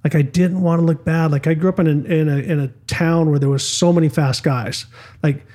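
Animated middle-aged man telling stories. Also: on the high side, brisk. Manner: animated storyteller, frequent restarts and acted quotes. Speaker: podcast guest, former motocross and off-road truck champion. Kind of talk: casual interview storytelling.

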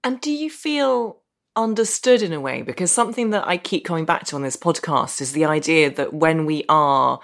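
A woman hosting a podcast interview, asking reflective questions in a warm, conversational way. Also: sits low, lively intonation, moderate pace, vocal fry. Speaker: podcast host.

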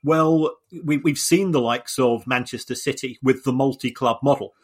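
A man's voice: mid-range voice, moderate pace, husky. A man co-hosting a podcast, explaining things in a casual discussion with frequent restarts and repeated words. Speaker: podcast co-host.

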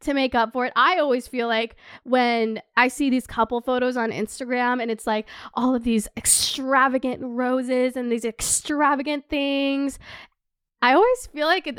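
A young woman with a high, smooth voice chats candidly on her podcast, giving relationship advice in a loose, animated way. She swears freely and scatters "like" through her talk. The sound is close and dry, with no room around it. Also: moderate pace, dry recording. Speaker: podcast host. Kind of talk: casual advice chat.

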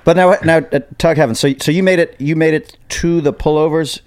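A man, an actor guest on a podcast, chatting casually and telling animated stories. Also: fairly high pitch, brisk, dry recording, studio quality. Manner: storytelling, animated retelling. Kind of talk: casual interview chat.

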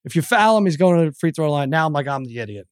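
Man, middle-aged, podcast guest, stammering storyteller, slightly high voice, dry close sound. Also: very fast, clean tone, no echo. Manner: animated storyteller, stammers, acts out quotes. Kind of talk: casual chat, storytelling.

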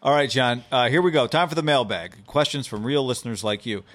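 A man co-hosting a sports podcast, reading ads and mailbag questions in a brisk, casual way. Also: medium pitch, a bit bright. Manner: brisk, upbeat ad reads and loose banter. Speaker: podcast co-host.

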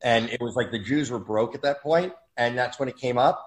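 A man in casual chat, telling anecdotes in a rambling, animated way. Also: medium pitch, fairly quick, rough recording.

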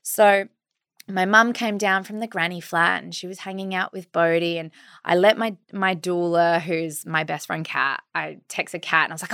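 Australian woman podcast host in her thirties, lower-pitched, animated storyteller, dry close sound. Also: moderate pace, vocal fry, smooth, dry recording. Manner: animated, acts out her own quoted words. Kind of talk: casual storytelling chat.

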